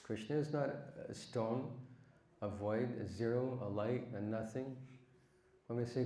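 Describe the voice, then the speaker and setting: A man's voice: on the low side, slow, pauses often, dark tone. Man giving an echoey devotional lecture. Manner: asks the audience rhetorical questions and recites verses. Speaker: spiritual teacher. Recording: echoey room.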